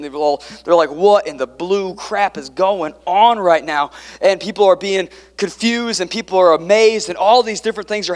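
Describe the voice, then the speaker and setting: A man preaching a sermon, swinging between quiet, intimate passages and emphatic ones, with joking asides to the congregation. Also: sits high, long reverb tail. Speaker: pastor.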